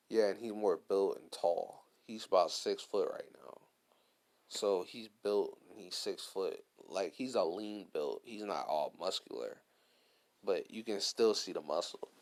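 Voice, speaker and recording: A man's voice: on the low side, a little mellow. A man casually telling an improvised fan story, rambling and slangy, full of fillers.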